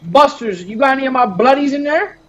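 A man putting on a brash high-voiced gang member. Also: expressive, fairly quick, fairly bright tone. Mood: hyped taunting. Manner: boastful, taunting street slang. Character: brash loud male street gang member. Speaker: role-play character. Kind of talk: voiced role-play in a game.

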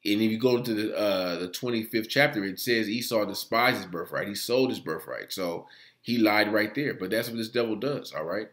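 A man's voice: fairly low pitch, moderate pace, fairly bright tone, echoey room. A man preaching and teaching from scripture, filling almost every phrase with "all right" and often stammering and restarting. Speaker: religious teacher.

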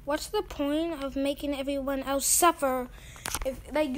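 A woman's voice: high voice, fairly even intonation, unhurried, a little hiss or hum. A young woman giving casual gameplay commentary, ranting and repeating herself in exasperation. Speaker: gaming YouTuber.

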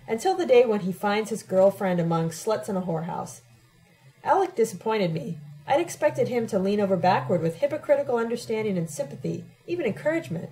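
A woman reading a first-person novel aloud in a steady, measured way. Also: mid-range voice, low-quality recording. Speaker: audiobook reader.

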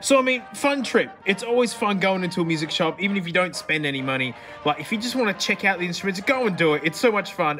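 Excitable high-voiced Australian man. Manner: excitable, gushing, says "mate" constantly. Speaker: vlog host. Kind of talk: casual walkaround vlog. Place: indoor music store, walking around.

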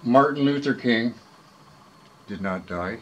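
A man vlogging to his viewers in a rambling, profane monologue, full of fillers and quick apologies. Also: mid-range voice, lo-fi sound, a little hiss or hum. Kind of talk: casual rambling monologue to camera. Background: background music.

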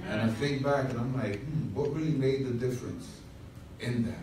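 A man's voice: mid-range voice, moderate pace, crowd noise. A man pastor telling a humorous story in a sermon, with asides to the congregation. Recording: echoey room from far off.

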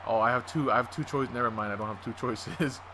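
A man giving excited let's-play commentary over a wrestling video game, swearing often and yelling at what happens on screen. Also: medium pitch, fast, a little hiss or hum. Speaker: gaming commentator.

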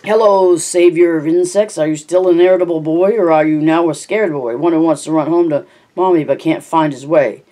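A hobby audiobook reader voicing a small, spiteful, mocking elf man with a high, taunting voice. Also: fairly quick, warm tone, natural voice. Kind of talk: audiobook character voice.

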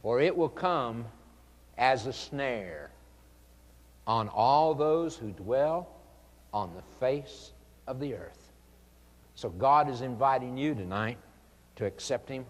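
Male preacher, evangelistic sermon, earnest pleading, slow deliberate delivery, long hall reverb. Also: medium pitch, expressive. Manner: earnest pleading, rising to fervent emphasis.

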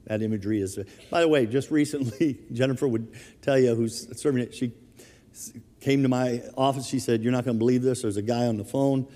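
A man's voice: medium pitch, brisk. Middle-aged male pastor preaching in a hall. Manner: storytelling, animated, chuckles through anecdotes. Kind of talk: sermon. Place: church sanctuary. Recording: long hall reverb.

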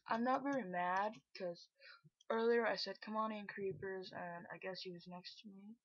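A woman giving casual, self-mocking gameplay commentary, chatty and breaking into loud exclamations. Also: mid-range voice, normal speed, dry recording. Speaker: gameplay video host. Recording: dull lo-fi recording.

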